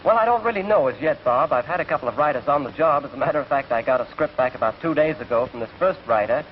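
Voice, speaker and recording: A man's voice: medium pitch, lively intonation, quick pace, slight background noise, lightly acted. A young English man in his twenties, a genial, chatty entertainer telling jokes in 1940s film dialogue, on a muffled old film soundtrack. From England. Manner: genial, chatty storyteller who laughs at his own gags. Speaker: entertainer just out of the service.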